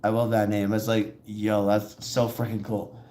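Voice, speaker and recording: A man hosting a casual video, rambling and repeating himself as he shows props and comments excitedly to his viewers. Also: lowish voice, measured pace, noisy background. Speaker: video host.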